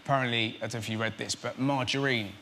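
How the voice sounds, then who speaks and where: A young man who is a comedian guest on a talk show, telling lively anecdotes and dipping into put-on voices. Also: medium pitch, quick pace, a little hiss or hum.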